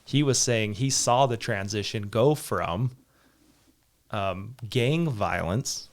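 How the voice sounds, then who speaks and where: A man's voice: fairly low pitch, slow pace. A man hosting a casual podcast, telling rambling stories and laughing often between them. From Southern Utah. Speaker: podcast host. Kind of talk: casual chat.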